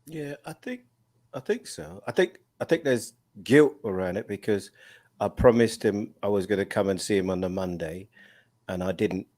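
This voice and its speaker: A man's voice: lowish voice, normal speed, a little mellow, no echo. A middle-aged man hosting a candid panel chat, open and hesitant, thinking aloud. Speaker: host.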